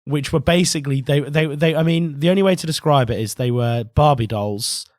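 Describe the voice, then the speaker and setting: A man's voice: a little high, darkish tone, no room sound, studio quality. A man from the UK co-hosting a podcast, laughing and chatting casually. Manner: laughs often, quick tangents. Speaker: podcast co-host. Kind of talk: casual chat.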